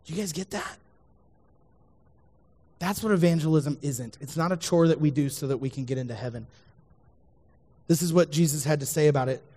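A man's voice: on the high side, fairly quick, pauses often, mellow. A man preaching a sermon as a youth pastor, speaking earnestly to his listeners and repeating the key lines. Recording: long hall reverb.

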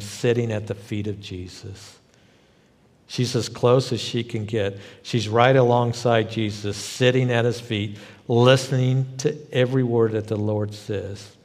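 A male pastor preaches a conversational sermon in a mid-range, darkish voice with a long reverb tail. He rises into emphatic bursts and frequently says "you know."

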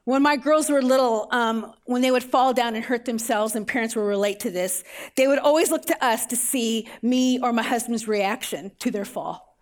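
A woman's voice: on the high side, moderate pace. Woman preaching a storytelling sermon. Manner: storytelling, with everyday examples and rhetorical questions. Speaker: pastor.

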